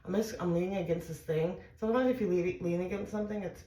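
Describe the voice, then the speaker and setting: A woman's voice: lowish voice, steady tone, fast talker, mellow. Nervous chatty woman, echoey room. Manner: chatty, nervous, addresses viewers as y'all. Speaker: vlogger. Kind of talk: casual how-to vlog.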